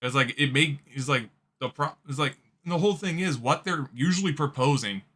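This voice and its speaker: A man's voice: medium pitch, normal speed, a bit bright, husky. A man hosting a reaction video, talking casually, swearing and laughing often. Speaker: host. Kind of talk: reaction commentary.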